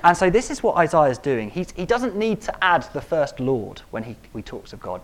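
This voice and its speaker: Man preaching, emphatic and repetitive, builds to loud stressed peaks. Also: a little high, sing-song, moderate pace, few pauses, a little hiss or hum. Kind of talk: sermon.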